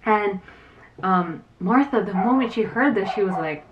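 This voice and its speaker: A woman teaching Sunday school to children, retelling a Bible story in an animated way and acting out the quotes, with some fillers. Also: mid-range voice, unhurried, recorded from a distance, highs cut off, slight background noise.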